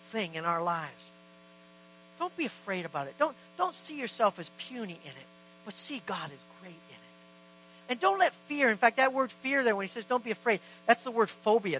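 Man, pastor, very high and bright voice, impassioned church sermon, acts out dialogue, dynamic between loud and soft. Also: a little hiss or hum, poor audio. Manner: impassioned, swings between loud emphasis and hushed quiet lines; acts out quoted dialogue in conversational asides.

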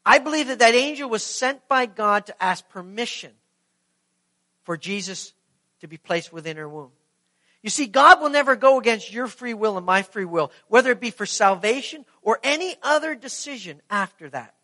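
A man preaching a sermon, animated and acting out the story as he goes. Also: high-pitched, normal speed. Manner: animated, acts out the scene. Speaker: pastor.

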